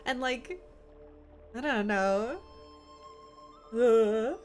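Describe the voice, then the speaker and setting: A woman's voice: a little high, drawn-out words, a little mellow. A young woman from Appalachia chatting while streaming a game, rambling with lots of fillers. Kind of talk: casual gameplay commentary. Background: faint game music.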